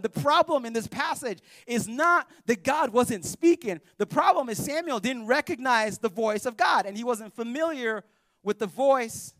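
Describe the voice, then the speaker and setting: A male pastor preaching a sermon in a joking, animated storytelling manner. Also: extremely high pitch, no echo, clean studio sound. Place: church.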